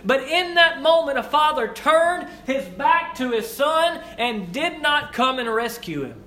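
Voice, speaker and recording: A young man preaching a sermon, repeating his lines and swinging between hushed and raised delivery. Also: very high-pitched, expressive, unhurried, hardly any pauses. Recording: echoey room with faint ambience.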